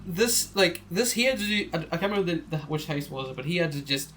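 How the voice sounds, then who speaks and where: A man co-hosting a casual podcast, speaking in a halting way with many fillers and giggles. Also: on the high side, lively intonation, fairly bright tone. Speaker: podcast co-host. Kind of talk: casual chat.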